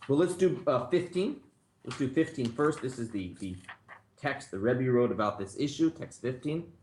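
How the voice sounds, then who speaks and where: A man's voice: mid-range voice, expressive, normal speed, a little mellow, slight background noise. A man teaching an informal Torah class, telling stories in a conversational way and putting questions to the class. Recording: roomy echo.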